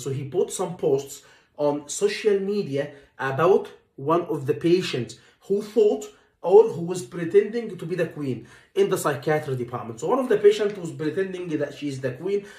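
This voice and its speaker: A man's voice: on the high side, expressive, normal speed. Guy tutoring for a medical exam, repeats stuff a lot, kinda far from the mic, echoey room. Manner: repetitive, emphatic, acts out dialogue lines. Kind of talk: lecture teaching exam stations.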